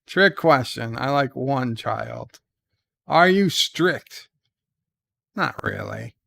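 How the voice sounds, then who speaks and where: A man hosting his show in casual chat, reading quiz questions aloud and answering with dry, deadpan humor. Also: very slow, vocal fry, no echo. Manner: reads questions brightly, answers low and mumbled. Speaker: show host. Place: at home.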